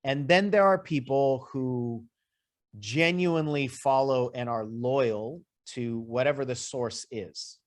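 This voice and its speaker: A man's voice: mid-range voice, takes it slowly. A man working as a life coach, talking a client through her business goals in a loose, conversational way with lists and asides. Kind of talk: coaching session.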